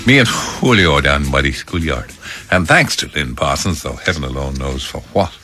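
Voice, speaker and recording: A man's voice: very deep voice, animated, normal speed, sharp tone. A man presenting a breakfast radio show from a studio, chatting in a wry, self-mocking, rambling way. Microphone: studio microphone.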